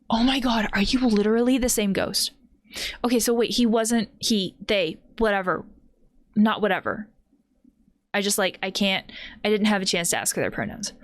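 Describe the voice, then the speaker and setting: A woman who works as a counselor, giving casual commentary while playing a game, with quick exclamations and thoughtful asides. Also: a little high, animated. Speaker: counselor playing video games. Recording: game music under voice. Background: game music.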